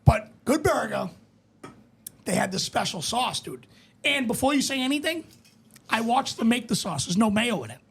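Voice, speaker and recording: Young dude on a podcast, raspy high voice, hyped and swearing a lot. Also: male voice, normal speed, pauses often. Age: young adult. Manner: excited, swears a lot, gushing about a movie. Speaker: podcast co-host. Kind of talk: casual chat.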